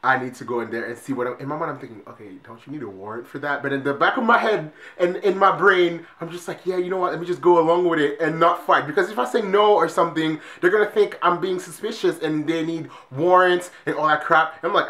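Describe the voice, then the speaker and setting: A young man vlogging, telling a story in an animated way, swinging between loud exclamations and hushed whispers. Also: on the high side, quick pace, few pauses, reverberant.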